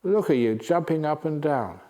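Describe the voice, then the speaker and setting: Guy doing the old boss monkey, calm and plain-spoken. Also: a little high, normal speed, lightly acted. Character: calm wise old male head monkey.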